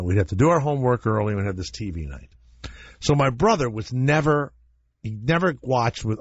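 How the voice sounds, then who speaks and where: A male radio talk show host telling comic stories in an animated, rambling, self-mocking way from a studio. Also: mid-range voice, husky, dull audio. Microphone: studio microphone.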